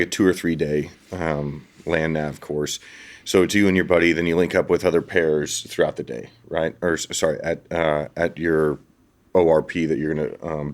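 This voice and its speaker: A man with a very deep voice hosts a podcast in a casual way. He tells animated stories and breaks into laughter often. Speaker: podcast host. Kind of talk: casual storytelling.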